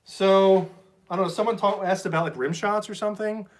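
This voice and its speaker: A man's voice: high-pitched, fairly even intonation, fairly quick. Man chatting casually on a phone stream. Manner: rambling, restarts, reads comments aloud. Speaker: drum teacher streaming live. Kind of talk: casual live-stream chat. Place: small cluttered drum shed. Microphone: phone mic.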